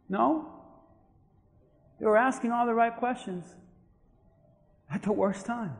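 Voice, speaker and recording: A male pastor preaching a sermon, swinging between shouted emphasis and quiet asides. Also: very high-pitched, takes it slowly, gravelly, pauses often, big-room sound.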